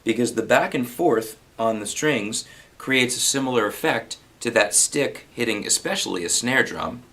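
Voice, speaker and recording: A man giving a relaxed spoken guitar lesson, explaining strumming and counting beats out loud. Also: medium pitch, moderate pace, a little hiss or hum, poor audio. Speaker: guitar teacher.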